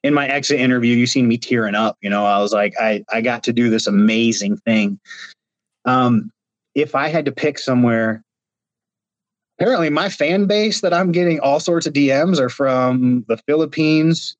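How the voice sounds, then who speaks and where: A man from Ohio tells his stories with lively hand-waving energy in a casual video-call interview. His voice is dry and close, with no room sound. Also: medium pitch, moderate pace, no room sound, muffled recording. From Ohio, United States. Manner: animated storyteller, gestures with his hands. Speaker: reality show contestant guest.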